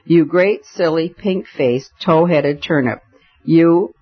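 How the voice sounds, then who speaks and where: A frantic nobleman who is secretly a police inspector rants in loud, breathless tirades, as a male narrator puts him on. The voice sits fairly high for a man. The audiobook recording sounds dull and lo-fi. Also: takes it slowly, husky. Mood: furious.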